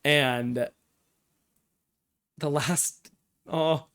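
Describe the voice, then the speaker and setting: A man streaming live, recapping and analyzing a TV episode with excitable, emotional fan reactions and rambling asides. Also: on the high side, drawn-out words, smooth.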